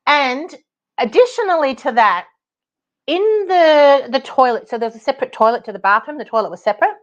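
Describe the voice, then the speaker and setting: A middle-aged Australian woman tells a story on her podcast, exasperated and animated, laughing often between lines. Her voice sits a little high and the audio sounds somewhat dull and lo-fi. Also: brisk. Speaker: podcast host, property advocate. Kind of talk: casual storytelling monologue.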